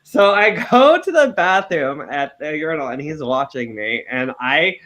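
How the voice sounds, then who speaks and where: A man in his late twenties swaps travel stories on a casual podcast. His voice sits a little high, and he tells each story with animated, profane energy. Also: normal speed, a crowd in the background, rough recording. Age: late 20s. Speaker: podcast co-host.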